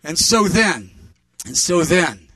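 A man preaching, telling a story in an animated, rambling way and correcting himself as he goes. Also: a little high, slow, no echo, far from the mic. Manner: rambling, animated, self-correcting with fillers and restarts. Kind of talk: sermon storytelling.

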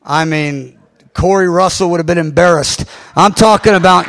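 A male pastor telling a story to his congregation, animated, with many fillers and restarts and sudden loud bursts. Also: high voice, normal speed, a faint crowd, a little hiss or hum. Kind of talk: sermon storytelling.

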